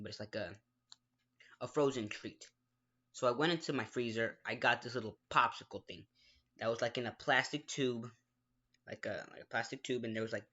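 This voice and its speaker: A gaming vlogger with a bright, forceful, mid-range voice tells a personal story in a loose, rambling way, and the recording sounds muffled. He keeps restarting sentences, makes sound effects with his mouth, and apologizes often.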